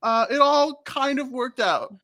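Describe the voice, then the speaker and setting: A woman's voice: high voice, lively intonation, unhurried, a bit bright. A woman co-hosting a podcast who laughs often and gushes about a TV episode in casual chat. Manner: laughs often, gushing, filler-heavy. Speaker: podcast co-host.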